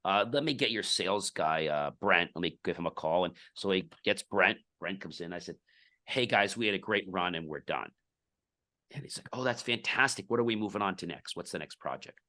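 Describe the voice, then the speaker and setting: Man, middle-aged, very low voice, bright forceful tone, animated storyteller, podcast guest. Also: brisk. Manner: animated storyteller acting out dialogue. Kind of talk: casual storytelling interview.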